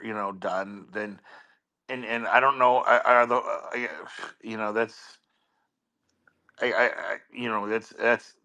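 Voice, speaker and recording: Bright-voiced, halting man. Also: mid-range voice. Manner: halting, many restarts and repeated words. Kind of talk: casual chat.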